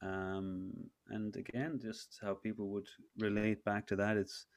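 A man's voice: lowish voice, flat delivery, measured pace. Rambling man telling a story. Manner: rambling with frequent restarts. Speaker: breathwork facilitator. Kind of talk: storytelling in a casual interview.

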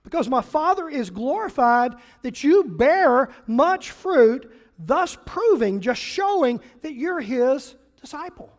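High-voiced animated pastor preaching. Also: takes it slowly. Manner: animated, asks the congregation questions; reads and paraphrases scripture aloud. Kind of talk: sermon.

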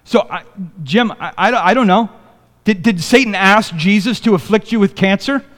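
A man with a high, fairly bright voice preaches at normal speed, the big-room sound of the church sanctuary around him. As pastor, he reads scripture and jokes with the congregation in a loose, conversational style.

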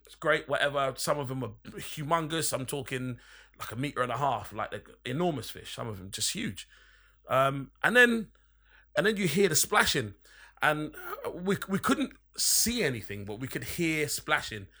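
Bright-voiced, sweary storyteller. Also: male voice, mid-range voice, sing-song, moderate pace. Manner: rambling, sweary, emphatic. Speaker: podcast storyteller. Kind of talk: casual anecdote telling.

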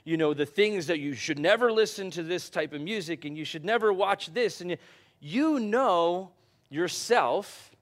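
A middle-aged man preaching a conversational sermon, growing animated as he tells personal stories. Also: high-pitched, a little slow. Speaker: pastor.

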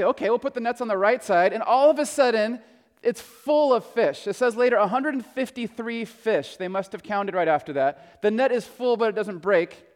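Male pastor, high and smooth voice, conversational sermon, long hall reverb. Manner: conversational storytelling, swinging between hushed and emphatic.

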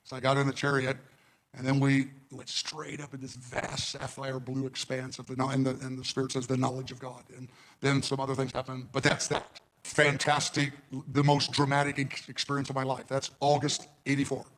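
Man recounting a vision, low-key. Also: completely flat delivery, a little fast, a bit bright, a little hiss or hum, rough recording. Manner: quotes voices in his stories, trails off, restarts. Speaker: preacher. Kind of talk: recorded sermon storytelling.

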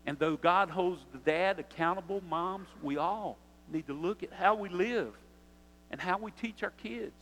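A pastor preaching a sermon, talking earnestly and conversationally and putting direct questions to the congregation. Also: male voice, high-pitched, unhurried, fairly bright tone, big-room sound, poor audio.

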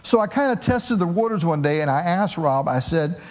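A middle-aged man preaching a sermon as pastor, telling a personal story with animated, self-mocking humor. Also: fairly high pitch, brisk.

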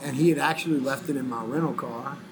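Over a noisy background, a man of medium pitch talks fast as he spins a long, meandering tale during a casual interview. He's a guest musician from New Orleans who swears openly and acts out the voices of the people in his story.

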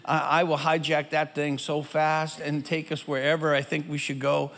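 A man's voice: a little high, flat delivery, normal speed, a bit bright. An older man preaching, telling a rambling, self-deprecating childhood story with lots of restarts, in a church hall. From German family. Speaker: pastor. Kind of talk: storytelling sermon. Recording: echoey hall with music behind.

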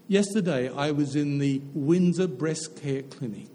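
Older male preacher, earnest testimony, slightly high voice, reverberant hall. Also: measured pace, few pauses, mellow. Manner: earnest storytelling, repeats phrases for emphasis. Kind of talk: testimony sermon.

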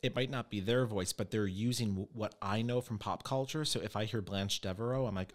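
Animated man telling stories, low voice. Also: a little fast, hardly any pauses. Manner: animated storyteller, acts out quotes. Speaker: podcast host and medium. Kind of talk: casual chat.

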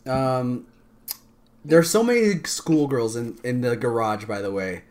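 A man's voice: medium pitch, unhurried, a little mellow. A man hosting a casual podcast chat, rambling and joking with frequent laughs. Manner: rambling, jokey, laughs often. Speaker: podcast host.

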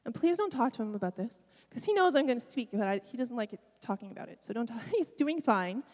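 A middle-aged woman pastor preaching a sermon, telling a personal story with emotion and soft laughs. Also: fairly high pitch, sing-song, quick pace, long reverb tail.

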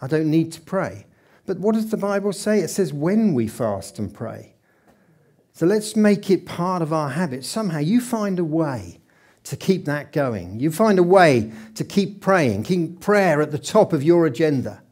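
A man's voice: fairly high pitch, big pitch swings, unhurried, darkish tone. A man preaching a sermon in church, chatting with the congregation and putting questions to them. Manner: conversational, asks the congregation questions. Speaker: pastor. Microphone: handheld microphone.

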